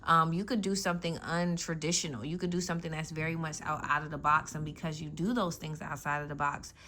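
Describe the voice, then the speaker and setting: This tarot reader speaks fast in a low, bright, forceful voice with little pitch movement, and there's a slight hiss or hum. Her casual reading is blunt and full of slang and profanity, and she keeps asking listeners "you know what I'm saying."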